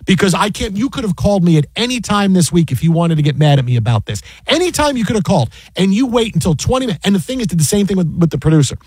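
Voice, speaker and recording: A man who works as a sports broadcaster, telling an animated anecdote with many restarts and an incredulous tone. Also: high voice, fast talker, hardly any pauses, breathy edge, no room sound.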